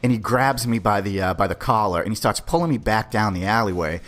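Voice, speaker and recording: A man's voice: fairly low pitch, lively intonation, brisk, a bit bright. A man hosting a podcast, telling a personal story in a laid-back, profane, conversational way. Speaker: podcast host. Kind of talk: casual storytelling.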